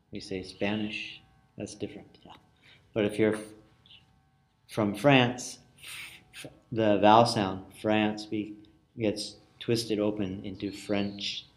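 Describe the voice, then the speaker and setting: A man teaching a lesson, explaining word roots slowly with many pauses and restarts. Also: low-pitched. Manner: slow and searching, many fillers and restarts; chants Sanskrit verse loudly in a sung tone. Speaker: yoga philosophy teacher. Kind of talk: lesson with call-and-response chanting.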